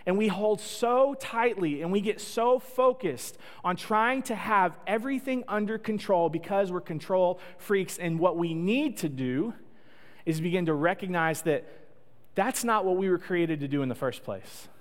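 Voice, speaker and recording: A man's voice: high voice, lively intonation, a little slow. A man preaching a sermon in a conversational, joking storytelling way. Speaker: pastor. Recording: long echo of a large hall.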